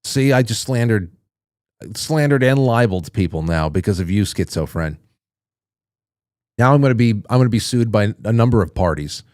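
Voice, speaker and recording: A man's voice: fairly low pitch, animated, moderate pace, darkish tone, no room sound, studio quality. A man hosting a call-in show, reading viewer messages aloud in a chatty, jokey way and reacting with surprise. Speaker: radio show host.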